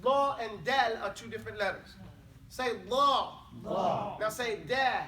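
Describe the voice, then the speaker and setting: A man's voice: sits high, moderate pace, heavy background noise. A man teaching an Arabic class, drilling pronunciation and correcting students bluntly and emphatically. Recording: echoey classroom, mic far off.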